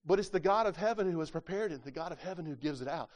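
Animated preacher, higher-pitched man. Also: fast, hardly any pauses. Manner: asks the congregation rhetorical questions; acts out quoted voices from scripture. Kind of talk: sermon.

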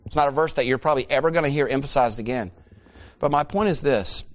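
Man preaching an animated sermon. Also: medium pitch, fast. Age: 40s. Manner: animated storytelling, emphatic repetition. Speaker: pastor.

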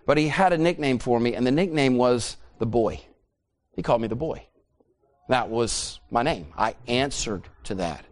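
A middle-aged man preaching a sermon. He is emphatic and often repeats phrases to drive a point home. His voice sits in a middle pitch. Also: lively intonation, normal speed.

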